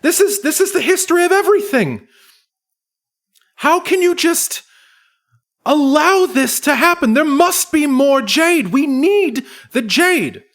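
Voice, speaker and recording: A man voices a hysterical gnome scholar lady, squeaky-high and loud, for a tabletop game. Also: lively intonation, a little slow, full character voice. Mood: outraged. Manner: yelling, shrill and exasperated. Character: frantic, indignant female gnome scholar.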